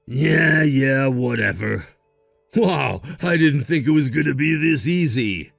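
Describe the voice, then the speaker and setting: A man's voice: medium pitch, animated, takes it slowly, gravelly, no room sound, clean studio sound, faint music behind, full character voice. A man voicing a selfish, whiny grown man who is petulant and pushy.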